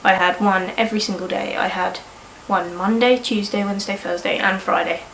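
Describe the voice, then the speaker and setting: A sniffly woman in her early twenties with a cold records a candid personal vlog, rambling frankly and swearing casually. Her medium-pitched, fairly bright voice stays steady and fairly quick, in an echoey room with slight background noise on a low-quality recording.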